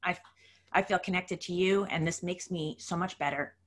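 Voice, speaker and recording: A woman hosting a podcast, gushing and grateful, halting and restarting as she talks. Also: fairly low pitch, steady tone. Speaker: podcast host. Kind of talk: casual interview chat.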